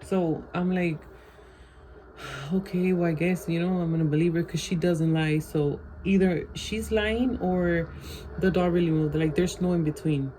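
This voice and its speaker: A woman's voice: on the low side, steady tone, a little slow, mellow, slight background noise, poor audio. A woman vlogger at home telling a rambling storytime, full of fillers and slipping Spanish phrases into her English. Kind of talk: casual storytime.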